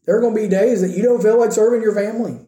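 A man's voice: high voice, steady tone, rapid-fire, mellow, reverberant. A man preaching a sermon in an earnest, conversational way with rising emphasis.

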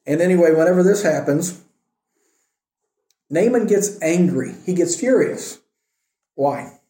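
Sex: man. Role: Bible study teacher. Style: casual, animated storytelling with joking asides. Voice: high and mellow. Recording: echoey room. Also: measured pace.

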